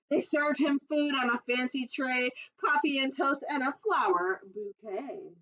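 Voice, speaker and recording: A woman's voice: high-pitched, a little slow, few pauses, fairly bright tone, recorded from a distance. A children's librarian, a woman, reading a picture book aloud at storytime and chatting playfully with the kids. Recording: dull lo-fi recording.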